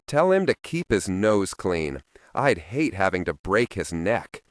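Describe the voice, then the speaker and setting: Hot-tempered mob boss, voiced by a male narrator, loud and threatening, heavy swings in tone. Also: deep voice, very animated, unhurried, no echo, studio quality. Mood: menacing. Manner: yelling, blustering, menacing.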